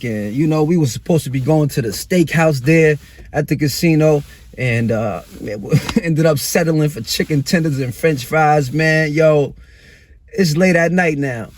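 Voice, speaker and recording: A man in his thirties casually telling a long personal story to camera, animated and slangy, swinging between excitement and regret. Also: on the high side, a little hiss or hum.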